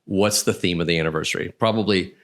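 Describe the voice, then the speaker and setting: A man's voice: low-pitched, quick pace. A man hosting a podcast, telling a story in casual chat and laughing as he goes. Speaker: podcast host.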